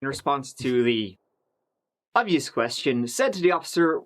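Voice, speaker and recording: A man with a mid-range voice narrates a true crime case at normal speed in a relaxed, conversational voice-over. He drifts into fillers and dry asides yet keeps the story moving, sounding like he's talking rather than reading.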